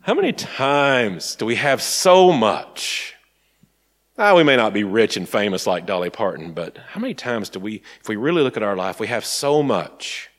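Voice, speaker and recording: Lively, conversational man preaching a sermon. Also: fairly low pitch, normal speed. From Tennessee, US.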